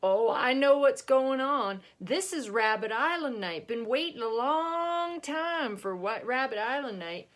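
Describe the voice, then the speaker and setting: A woman voicing a blind male street entertainer with a slow, folksy Southern drawl in a storybook reading. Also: extremely high pitch, lively intonation, a bit bright, voice pushed up, exaggerated voice. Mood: folksy, cheerful. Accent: Southern US (put on).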